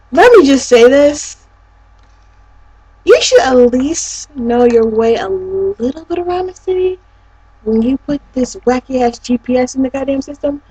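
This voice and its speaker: A young woman vlogger excitedly telling a personal story, gushing and swearing freely. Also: on the high side, no echo, poor audio. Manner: gushing, breathless, swears a lot.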